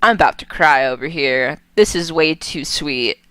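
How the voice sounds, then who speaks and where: A woman gaming creator talking casually and excitedly to her viewers. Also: deep voice, moderate pace, clean tone, no echo, soft background music. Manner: excitable, gushing. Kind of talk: casual let's play commentary.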